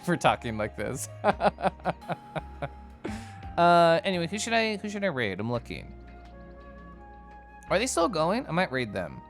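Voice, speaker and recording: A male streamer chatting with his viewers in a teasing, giggly way. His pitch swoops up and down constantly. Soft music plays faintly behind him. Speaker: livestreamer. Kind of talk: casual chat with stream viewers.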